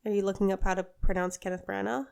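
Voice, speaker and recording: A talkative woman chatting on a podcast, her voice smooth and clear. She is openly opinionated and keeps doubling back to correct herself. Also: medium pitch, little pitch movement, quick pace, darkish tone. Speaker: podcast co-host. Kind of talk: casual chat.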